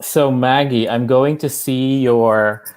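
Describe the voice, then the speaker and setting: A man's voice: medium pitch, fairly even intonation, slow pace, smooth. A Filipino American man in a casual livestream discussion, talking thoughtfully with many fillers and restarts. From United States. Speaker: panelist.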